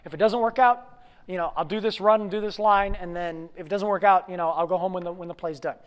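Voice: medium pitch, brisk, smooth, close to an everyday voice. A preacher playing a broke young actor who is anxious but determined. The talk is earnest and nervous, told as part of a spoken sermon story.

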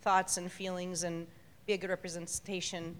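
A woman in a congregation earnestly sharing a personal resolution, speaking in a measured way. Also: on the low side, flat delivery. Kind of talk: sharing in a church gathering. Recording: reverberant hall.

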